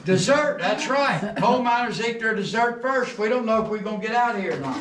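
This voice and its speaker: A man's voice: sits high, animated, a little fast, fairly bright tone. A middle-aged man, guiding a tour through a coal mine and telling jokes and stories in a folksy way. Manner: folksy joking storyteller. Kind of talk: guided tour talk. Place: underground mine tunnel. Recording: roomy echo, distant camera, background noise.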